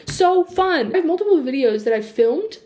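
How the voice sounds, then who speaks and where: Seated indoors at home, a young woman talks animatedly to camera into her built-in laptop microphone in a high voice at normal speed. Her mood swings from quiet musing to bursts of excitement, and she slips snatches of songs between sentences.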